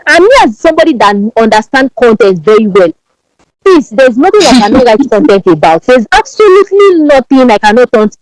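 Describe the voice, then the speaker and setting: A Nigerian woman with a strong Yoruba accent talks as a podcast guest, fairly high and very animated, her pitch leaping up and down. She speaks with emphasis and often repeats words as she goes. The sound is dry, with no room echo. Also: brisk. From Nigeria, Ibadan. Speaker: podcast guest, branding strategist. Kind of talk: podcast interview.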